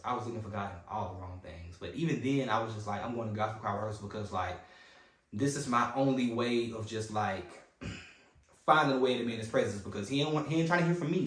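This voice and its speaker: A young man with a lowish voice shares a personal story on a podcast in a candid, conversational way, playing out his own past thoughts and others' words as he goes. The recording carries a noticeable roomy echo.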